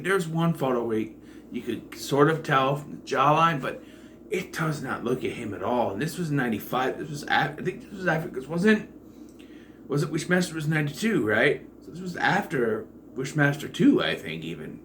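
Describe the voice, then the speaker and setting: A man giving a casual, rambling movie review, full of fillers and the occasional swear, jumping between loud excitement and quiet asides. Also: on the high side, moderate pace, slight background noise. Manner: rambling and digressive, with profanity and many fillers.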